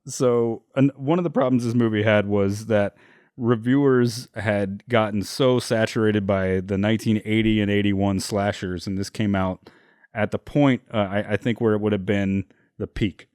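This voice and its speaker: A man's voice: fairly low pitch, fairly even intonation, normal speed, a little mellow, no room sound, clean studio sound. A man co-hosting a podcast, talking casually with lots of fillers, swearing and frequent laughter. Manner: rambling, profane, laughs often, many fillers. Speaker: podcast co-host. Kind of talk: casual chat.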